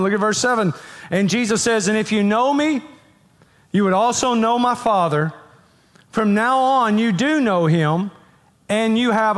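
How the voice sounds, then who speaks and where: Here a pastor's extremely high, fairly bright voice fills a church sanctuary as he delivers an emphatic sermon. Repeating phrases, he has the congregation read verses aloud with him, and the sound trails off in the long reverb of a large hall.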